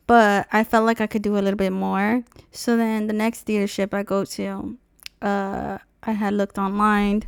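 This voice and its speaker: A young woman streamer rants profanely and casually about an experience at a dealership, mimicking the people she quotes in loud, high voices. Her voice is gravelly yet smooth, recorded with clean studio sound and no echo.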